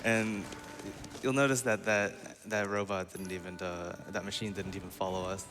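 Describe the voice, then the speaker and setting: A man's voice: deep voice, fairly even intonation, normal speed, a crowd in the background, background noise. A man casually commentating his own live speedrun, chatty and laughing often. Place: live marathon event stage.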